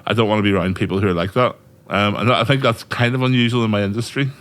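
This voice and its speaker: A man's voice: lowish voice, steady tone, fast talker, a bit bright. A man in his forties with a Northern Irish accent, a DJ and actor talking candidly as a podcast guest, swearing freely and laughing easily. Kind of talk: casual interview chat.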